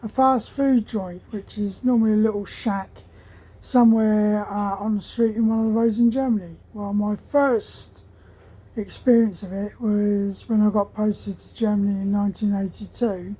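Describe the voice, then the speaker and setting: A woman in her sixties, an army veteran telling a casual, rambling anecdote with many pauses and restarts. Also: mid-range voice, fairly even intonation, dark tone, husky, low-quality recording.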